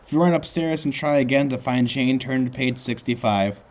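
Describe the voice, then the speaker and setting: A man's voice: mid-range voice, normal speed. A man reading a choose-your-own-adventure book aloud as host, breaking off for joking asides. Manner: jokey asides, lively reading.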